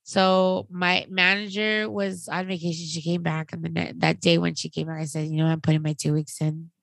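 A woman in her thirties tells an animated story on a casual podcast, acting out the people in it. Her voice is bright and pointed, set a little low, and sits close and dry on the mic. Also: moderate pace, creaky, no room sound. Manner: animated storytelling, quoting others. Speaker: podcast co-host. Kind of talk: casual chat.

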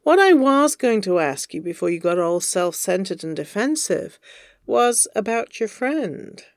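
A reader voicing a cool, sharp-tongued young woman, arch and mock-offended, in a fan fiction audio reading. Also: medium pitch, big pitch swings, unhurried, dry recording, clean studio sound. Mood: arch teasing.

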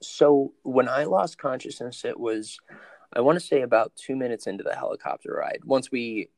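A man's voice: medium pitch, animated, gravelly, no room sound. Young guy telling his story in an interview, lots of ums and restarts, dry close mic. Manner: halting, many fillers and restarts. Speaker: interview guest.

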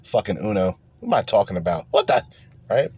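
Husky, animated man ranting. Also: fairly low pitch, fairly quick. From New Jersey. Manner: rambling, profane, heated. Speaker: podcast host. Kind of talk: casual political rant.

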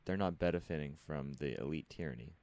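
Deep-voiced man chatting casually. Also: fast talker, a little mellow. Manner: musing, speculative. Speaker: podcast host. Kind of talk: casual conversation.

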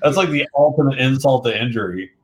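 A man's voice: medium pitch, fast. A man co-hosting a sports podcast, talking bluntly and conversationally and swearing now and then. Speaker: podcast co-host. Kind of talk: casual sports chat.

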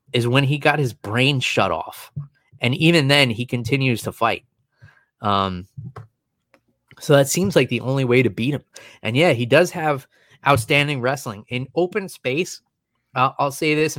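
A man's voice: medium pitch, lively intonation, a bit bright, dry recording. A man talking casually about a fight, full of restarts and fillers as he thinks aloud. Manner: fast, rambling, many restarts and fillers. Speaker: MMA analyst guest. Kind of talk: casual podcast chat.

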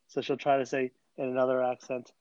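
A man in casual podcast chat, easygoing and laughing often. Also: mid-range voice. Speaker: podcast co-host. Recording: dull lo-fi mic with faint noise.

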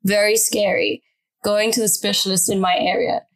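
A woman reading a calm, level-headed coworker at a sketch table read. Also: mid-range voice, moderate pace, natural voice. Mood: plain.

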